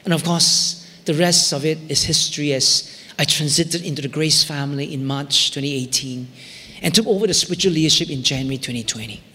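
High, bright-voiced pastor in a hall. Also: male voice, a little fast. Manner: emotional storytelling, rising to near shouts in retold prayers, dropping to whispers. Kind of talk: sermon.

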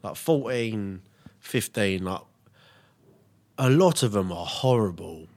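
A man's voice: on the low side, lively intonation, slow pace, darkish tone. A young man, chatting casually as a podcast co-host in a laid-back way and swearing now and then. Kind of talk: casual chat.

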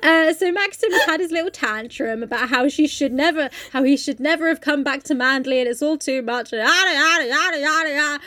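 A woman chats through a novel with a friend, cursing freely and jumping into the characters' voices. Her voice sits a little high. The sound is close and dry, with no room echo. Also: a little fast, hardly any pauses, sharp tone. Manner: sweary, laughing, acts out character lines. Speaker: podcast co-host. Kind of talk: casual book-club chat.

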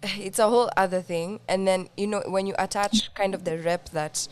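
A woman from Kenya hosting an interview podcast, asking thoughtful, measured questions. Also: medium pitch, fairly even intonation, a little mellow, clean tone. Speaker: podcast host.

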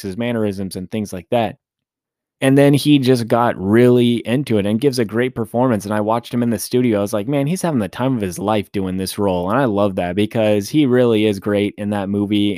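With a lowish, darkish-toned voice, a solo movie review podcaster rambles in a chatty way, often correcting himself. The sound is clean studio quality and dry.

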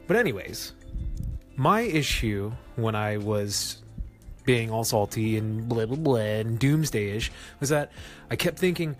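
A man hosting a relaxed solo podcast, talking in a chatty, self-mocking way and laughing at his own jokes. His voice is mid-pitched and often leaps higher for emphasis. Faint music plays under him. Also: a little slow. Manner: animated, jumps up in pitch for emphasis. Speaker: podcast host. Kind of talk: casual solo podcast talk.

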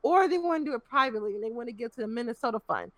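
A woman's voice: on the high side, animated, very fast. A young woman in casual talk, ranting bluntly and profanely, exasperated.

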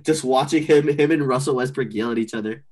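Man, husky voice, mid-pitched, casual sports chat, opinionated, lots of fillers. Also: brisk. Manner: animated, opinionated, trails off into fillers. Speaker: podcast co-host.

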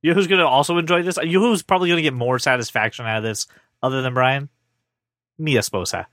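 A man hosting a casual pop-culture chat, animated and joking at his own expense. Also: medium pitch, fast talker, no echo, clean studio sound. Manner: animated, joking, self-deprecating. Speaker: podcast host.

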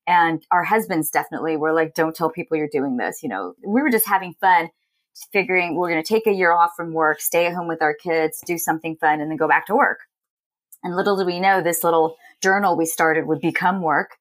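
A woman's voice: on the low side, a little fast. A woman from Los Angeles, telling stories in a casual interview, acting out what others said. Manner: animated, quotes others in lively voices. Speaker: guest, entrepreneur.

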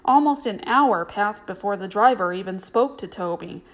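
A woman narrating a children's storybook aloud in a steady storytelling manner. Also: medium pitch, normal speed.

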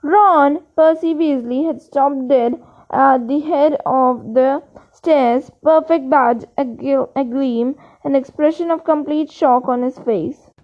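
High-voiced woman reading a novel. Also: slow pace, muffled recording. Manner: plain reading with occasional slips and restarts. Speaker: audiobook reader.

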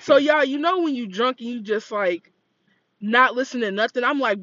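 Animated high-voiced woman telling a story. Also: moderate pace, no echo, muffled recording. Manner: animated, acts out quoted yelling. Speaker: podcast co-host. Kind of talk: casual storytelling chat.

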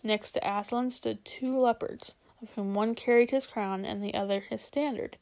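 A woman reads a storybook aloud at an unhurried pace. Her voice is somewhat high with a gravelly, creaky edge. She stumbles now and then and restarts a phrase. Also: fairly even intonation, a little mellow. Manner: unhurried, with small slips and restarts.

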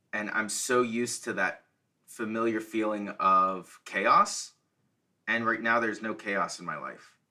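A man's voice: fairly low pitch, sharp tone. A man speaking as a guest in a casual conversation, talking sincerely and plainly.

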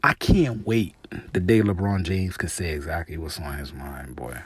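A man's voice: extremely low pitch, moderate pace, darkish tone, slightly rough. A man hosting his own podcast alone, in loose casual speech full of "man" and "you know", getting heated and emphatic when he rants. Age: adult with young children. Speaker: podcast host. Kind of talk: casual solo podcast talk.

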